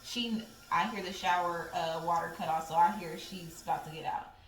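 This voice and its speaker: A young woman vlogger telling a casual, profane story in a blunt, animated way. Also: lowish voice, normal speed, slight background noise. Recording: roomy sound from a distant mic.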